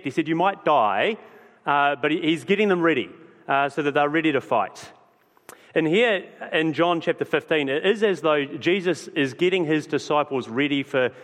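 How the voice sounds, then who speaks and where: Casual-sounding preacher in a reverberant hall. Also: male voice, fairly high pitch, fairly bright tone. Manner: conversational, many fillers. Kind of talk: sermon. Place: church hall. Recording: long church-hall reverb.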